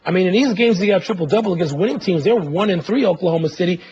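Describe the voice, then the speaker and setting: High-pitched dude arguing sports picks hard, muffled sound, music in back. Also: male voice, lively intonation, very fast, darkish tone, slightly rough. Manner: emphatic, insistent arguing. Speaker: sports TV co-host. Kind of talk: argumentative sports banter. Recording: muffled podcast audio with music underneath.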